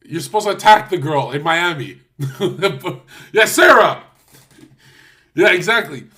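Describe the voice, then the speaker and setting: Young man, livestreamer, high voice, bright tone, swearing, mocking casual rant. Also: expressive, measured pace. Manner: profane, mocking storytelling; acts out the other people in his stories.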